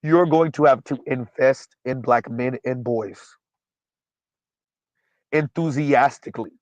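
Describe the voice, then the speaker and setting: A man's voice: mid-range voice, takes it slowly, darkish tone, no echo, lo-fi sound. Blunt, emphatic male livestream host. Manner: blunt, emphatic, repeats points; frequent um fillers while recalling names. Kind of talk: casual livestream commentary.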